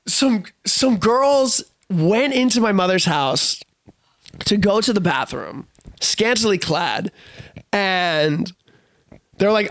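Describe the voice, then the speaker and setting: A young man from New Orleans, a touring musician guesting on a podcast, telling rambling, animated stories in casual chat. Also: sits high, slow pace, no room sound.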